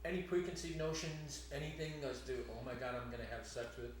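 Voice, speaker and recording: A woman's voice: extremely low pitch, a little fast, slight background noise. A woman interviewer asking direct, probing questions. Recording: roomy and distant from the mic.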